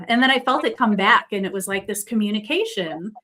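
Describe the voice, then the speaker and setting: Speaking briskly at a medium pitch, a psychic medium guest shares a personal tale casually and with lots of fillers. Her energy is high, excited and buzzing as she wanders through the story.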